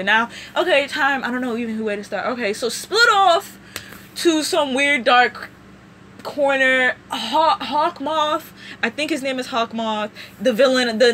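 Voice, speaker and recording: Bright, high-voiced woman rambling a show recap. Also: a little hiss or hum. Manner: rambling, animated storytelling. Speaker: vlogger.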